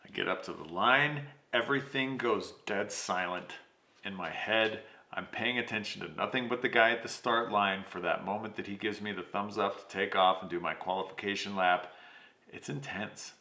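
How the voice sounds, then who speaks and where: A man hosting his podcast, telling a story in a casual, animated way, swearing freely and acting out what people said. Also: fairly low pitch, moderate pace, echoey room. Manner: animated, swears, acts out quotes. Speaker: podcast host.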